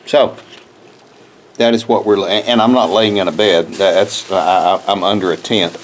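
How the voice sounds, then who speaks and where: Slow, low-voiced man chatting in his garden. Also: fairly even intonation, a little hiss or hum, poor audio. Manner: rambling, folksy, repeats words. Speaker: homestead vlogger. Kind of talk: casual walk-through chat. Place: outdoors in a garden.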